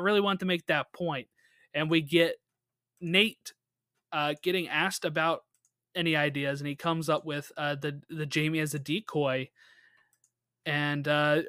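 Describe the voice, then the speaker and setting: Bright, upbeat man recapping a show. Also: on the high side, no echo, studio quality. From United States. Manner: rambling, laughs often, many fillers. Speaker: podcast co-host. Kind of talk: casual episode recap chat.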